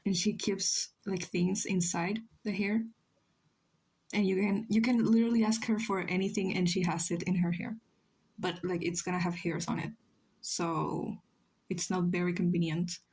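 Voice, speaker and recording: A woman's voice: on the low side, fairly even intonation, normal speed, darkish tone, slightly rough. A young woman from Chile, chatting casually and joking with her chat while she draws on a livestream. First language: Spanish. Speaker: streamer.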